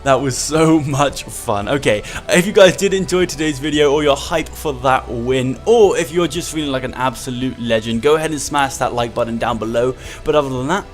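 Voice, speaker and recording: A young man talks through a video game as he plays, half muttering to himself and then breaking into loud, excited yelling. His voice sits at an ordinary pitch. Faint music plays under him. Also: normal speed, hardly any pauses. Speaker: gaming video creator. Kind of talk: live gameplay commentary.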